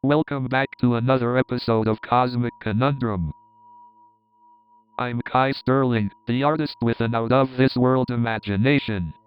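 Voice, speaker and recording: A synthetic man voicing an upbeat male artist cohosting a cosmic talk show, with a very smooth, resonant voice and a scripted opening. The sound is dull and lo-fi, with faint music behind it. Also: medium pitch, fairly even intonation, normal speed, natural voice. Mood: welcoming. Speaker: show host.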